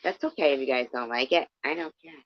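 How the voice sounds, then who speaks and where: A woman's voice: very deep voice, quick pace, slight background noise. A woman hosting her channel, reading a book aloud and breaking off into rambling, profane asides. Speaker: channel host. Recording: dull lo-fi dry sound.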